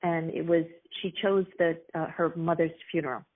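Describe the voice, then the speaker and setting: A middle-aged woman, an author and actress, telling stories earnestly and reflectively in an interview, with many pauses and restarts. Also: low-pitched, steady tone. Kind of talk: casual interview storytelling. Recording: tinny phone-like line.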